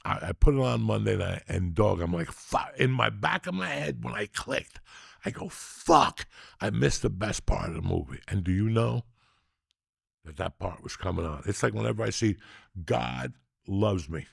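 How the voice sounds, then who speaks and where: A man hosting a podcast, telling stories in a loose, profane, excitable way. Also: lowish voice, normal speed, gravelly, breathy edge, dry recording, clean studio sound. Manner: profane, excitable, animated storyteller. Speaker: podcast host. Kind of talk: casual storytelling chat.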